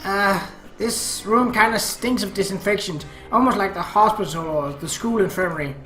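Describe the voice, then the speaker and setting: A man voicing an excitable, childish young woman with loud yelping outbursts, in an amateur visual novel reading. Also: sits high, normal speed. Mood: whiny. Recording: echoey room, faint music.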